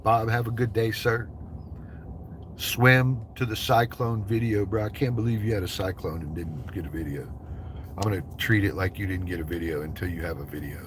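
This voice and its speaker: A man's voice: fairly low pitch, a bit bright, a little hiss or hum. Man doing a loose, profane livestream chat. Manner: loose, profane, joking banter. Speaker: livestreamer chatting with viewers.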